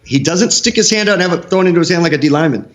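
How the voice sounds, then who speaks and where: Animated coach, fairly high voice. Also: male voice, very fast. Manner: animated, excitable, restarts often. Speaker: football coach, guest analyst. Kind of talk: film breakdown on a live stream show.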